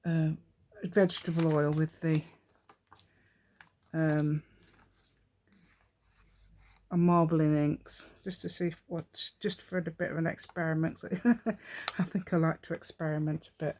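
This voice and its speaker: Slow, low-voiced woman chatting through a craft. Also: little pitch movement, a little mellow. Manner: chatty, rambling, talks to herself while working. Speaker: craft channel host. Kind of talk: casual craft tutorial, thinking aloud.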